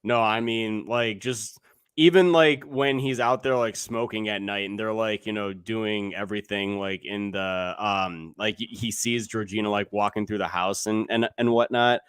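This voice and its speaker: A man's voice: on the low side, steady tone, moderate pace, fairly bright tone, smooth, no room sound, clean studio sound. A young man hosting a podcast, talking casually about a movie, rambling with lots of filler and swearing. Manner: rambling, heavy "like" filler, profane. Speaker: podcast host.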